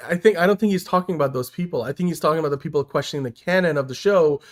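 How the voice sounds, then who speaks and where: A man's voice: fairly high pitch, very fast. A man hosting a casual podcast, talking in an easygoing, reasonable way with lots of fillers. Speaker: podcast host.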